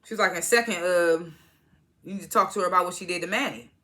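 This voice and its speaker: A TV show reviewer casually recaps an episode in a lowish, fast, sharp-toned voice. She retells scenes by quoting each character in turn and laughing at them.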